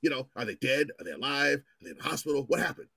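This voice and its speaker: Animated man telling blunt stories. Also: mid-range voice, fast, gravelly, breathy edge, dry recording. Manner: animated, profane, acts out voices in his stories. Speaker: storyteller guest. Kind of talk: casual storytelling chat.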